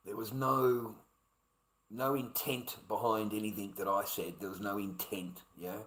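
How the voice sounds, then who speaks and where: A man's voice: lowish voice, flat delivery, measured pace, fairly bright tone. Ranting older Australian man, echoey. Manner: aggrieved, swearing, repetitive rant. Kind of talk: ranting vlog monologue.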